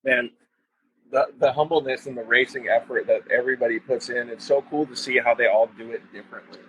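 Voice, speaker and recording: Man, host, casual chat, enthusiastic, rambling, husky, bright. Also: mid-range voice, fairly even intonation, fairly quick, no echo, low-quality recording. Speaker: show host. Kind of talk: casual live-stream chat.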